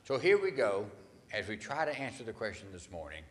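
A man's voice: on the low side, sing-song, fairly quick, a bit bright, big-room sound. A man, a pastor, preaching a morning sermon in a conversational, folksy, tongue-in-cheek way.

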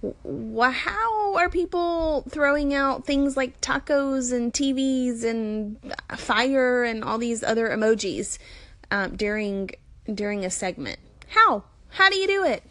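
A woman with a Southern American accent chats on a phone call-in, friendly and rambling with lots of fillers. Her voice sits fairly high and sounds dry and close. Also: animated, takes it slowly, fairly bright tone, dry recording. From Alabama, US. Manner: chatty, friendly, full of fillers. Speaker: new podcast app user on call-in. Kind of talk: casual call-in chat.

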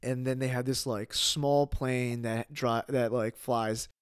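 A man, a podcast guest, telling a personal story in casual talk, animated, with lots of fillers and swearing. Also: mid-range voice, takes it slowly, clean tone, no echo.

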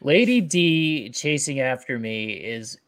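A man's voice: medium pitch, lively intonation, slow, fairly bright tone. A man chatting casually and enthusiastically about a video game. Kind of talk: casual game discussion chat.

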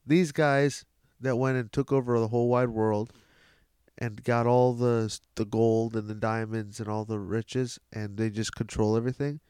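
A man with a mid-pitched voice rambles through jokey stories in casual podcast chat. His telling is loose and playful, and the sound is dry and close. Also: fairly even intonation, moderate pace, darkish tone, smooth, no echo.

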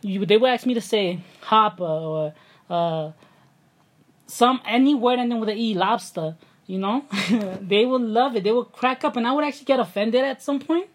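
A woman's voice: a little high, moderate pace. A young New York woman with a thick local accent chats on a podcast, loose and unscripted. She laughs a lot, swears freely and keeps turning to her listeners as guys. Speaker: podcast co-host. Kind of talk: casual chat.

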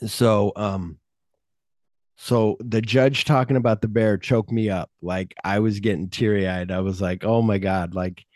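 A man hosts a podcast, retelling scenes in a loose, chatty way. He jumps into raised voices for the quotes and swears freely. The sound is dry and close, with no room echo. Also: on the low side. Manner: animated storyteller, acts out quotes in a raised voice, swears often. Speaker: podcast host. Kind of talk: casual chat retelling a film script.

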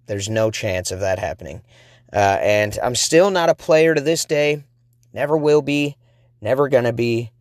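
A male podcast host tells a personal story in a loose, rambling way and keeps poking fun at himself. He stumbles and restarts his sentences often, speaking at a middling pitch. The close mic sounds dry, with no room around it. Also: expressive, normal speed, dry recording. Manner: rambling, self-deprecating, frequent restarts. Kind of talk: casual storytelling monologue.

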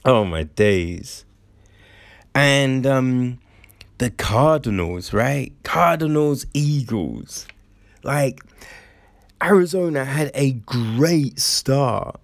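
A man in a casual sports rant, exasperated and fond of swearing. His delivery is slow and drawn out, his pitch rising and falling widely. The sound is dry and close. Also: lively intonation, vocal fry, no room sound. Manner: exasperated, repeats phrases, swears often. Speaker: football commentator.

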